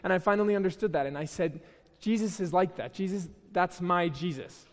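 A man's voice: sits high, fairly quick, in a large hall. A young man giving a casual, conversational sermon at a church, chatty and self-deprecating, with frequent restarts. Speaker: preacher. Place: church hall.

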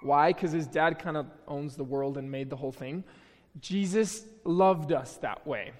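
A man's voice: fairly high pitch, unhurried, in a large hall. A young man giving a casual, conversational sermon at a church, chatty and self-deprecating, with frequent restarts. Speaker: preacher. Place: church hall.

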